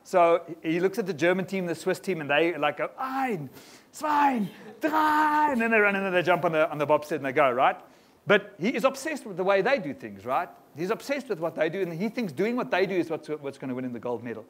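A man preaches to a church congregation, his voice sitting a little high. He keeps things lively and often asks the room quick questions. Sermon delivery, with the congregation right there in front of him. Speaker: pastor. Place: church hall before a congregation.

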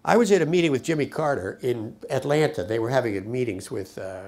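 An older man recounting his peace work in a lively storytelling manner, acting out the voices of the people he quotes. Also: medium pitch, a little fast. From United States. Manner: animated storyteller, acts out quoted speech. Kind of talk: personal storytelling to camera.

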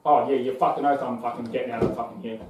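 A man playing a broke young waiter and struggling actor who is sweary and quick to flare up. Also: mid-range voice, fairly even intonation, a little mellow, natural voice. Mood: irritated. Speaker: actor in a comedy short. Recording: echoey room from far off.

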